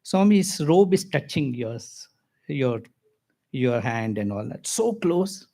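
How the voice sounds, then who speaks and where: An older man with an Indian accent, giving a devotional talk full of personal stories, lively with chuckles and asides. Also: mid-range voice, slow. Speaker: spiritual speaker.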